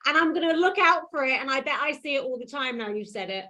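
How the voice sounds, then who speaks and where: A woman's voice: sits high, lively intonation, fast, bright, forceful tone. A woman guest on a podcast, chatty and agreeable in casual talk.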